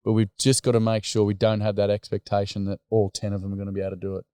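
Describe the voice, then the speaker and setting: A man's voice: on the low side, level tone, racing, warm tone, clear, resonant tone, no echo. An Australian man, a guest who leads men's groups, talking earnestly and plainly in a casual conversation, rambling with many fillers.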